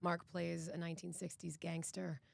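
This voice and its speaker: An earnest, reflective woman from Boston speaks as a podcast guest. Her voice is low and stays fairly level. She often restarts her sentences. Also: little pitch movement, moderate pace, vocal fry, no room sound. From Boston, United States. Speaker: actress and executive producer, guest. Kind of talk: casual podcast interview.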